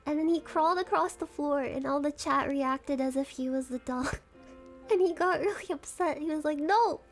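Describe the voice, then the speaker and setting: A woman's voice: high voice, normal speed, soft background music. A young woman streamer chatting casually, giggling often and rambling with lots of fillers. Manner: giggly, rambling, self-conscious fangirling. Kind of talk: casual live-stream chat.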